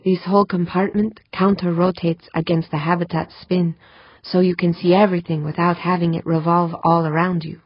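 A woman's voice: fairly low pitch, flat delivery, normal speed, no echo, muffled recording, natural voice. A woman reading a wry joking young man. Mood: hushed.

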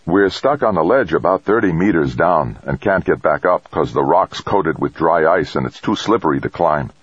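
A man's voice: a bass voice, moderate pace, slightly rough, no echo, dull audio, full character voice. A man voicing a stranded male astronaut who sounds tense but in control. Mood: tense, controlled. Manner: terse, calm under pressure.

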